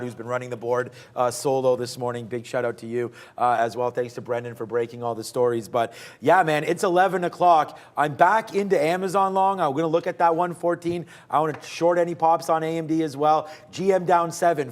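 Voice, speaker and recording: Upbeat man signing off a trading show. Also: medium pitch. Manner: upbeat, thankful, slangy. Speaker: morning show host. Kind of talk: casual show sign-off.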